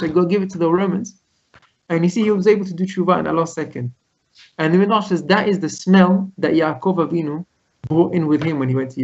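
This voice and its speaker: This rabbi has a fairly high-pitched voice with vocal fry, and the sound is lo-fi. On a video call with his congregation, he animatedly retells a Torah story, performing the characters' lines along the way.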